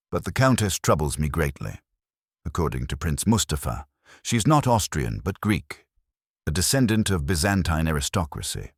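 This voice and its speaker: Guy doing a calm shrewd old detective, real deep and husky, slow and careful. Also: no room sound, studio quality, exaggerated voice. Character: fastidious older Belgian male detective, shrewd and calm.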